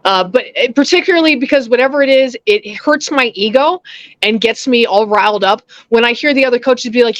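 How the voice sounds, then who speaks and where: A woman in her thirties, a professional fighter, chatting casually as an interview guest and acting out quotes in lively storytelling. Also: on the high side, quick pace, dry recording. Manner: animated storyteller who acts out quotes.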